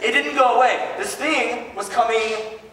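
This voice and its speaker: A man preaching a sermon in a casual storytelling way, joking and animated with chatty asides. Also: very high voice, a little slow, slight background noise. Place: large hall. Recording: echoey hall from far off.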